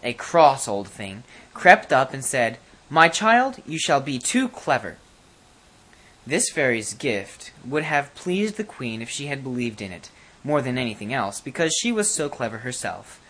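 A narrator reading a fairy tale aloud in an expressive, animated way. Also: mid-range voice.

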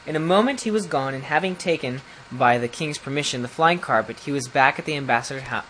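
A man narrating a storybook in an even, plain reading voice at a middle pitch. He keeps steady, slipping and restarting now and then, with a faint hiss of noise in the background. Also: fast talker, low-quality recording. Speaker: audiobook reader.

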